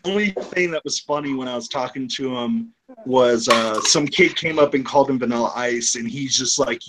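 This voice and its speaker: Guy hosting a chill horror podcast, bright crisp voice, swears a lot, does little voices for quotes. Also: mid-range voice, moderate pace, slight background noise, rough recording. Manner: loose, profane storytelling with acted-out quotes. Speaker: podcast host. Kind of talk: casual chat.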